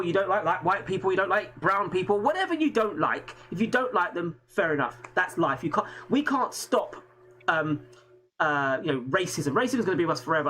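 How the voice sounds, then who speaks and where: A man's voice: high voice, a bit bright, rough recording. Earnest rambling English man hosting. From England. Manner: earnest, rambling, many restarts. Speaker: host. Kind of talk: casual live-stream chat.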